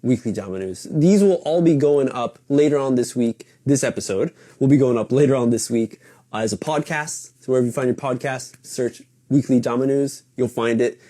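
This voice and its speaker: Casual rambling man with a mellow voice. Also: medium pitch, moderate pace. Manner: rambling, loose, swears casually. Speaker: podcast host. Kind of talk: casual live-stream chat. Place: home in Japan.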